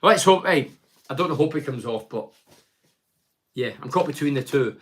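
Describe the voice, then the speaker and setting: A man's voice: medium pitch, lively intonation, normal speed, a bit bright. A middle-aged Scottish man hosting a casual phone-in chat, reading out listener messages and answering bluntly. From Scotland. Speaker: radio phone-in host.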